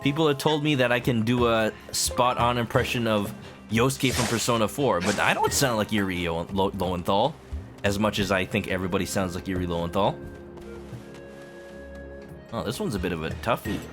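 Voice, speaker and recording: A man's voice: lowish voice, moderate pace. A man streaming a video game, chatting casually and explaining things to his viewers as he plays. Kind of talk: casual live-stream commentary. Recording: game music underneath.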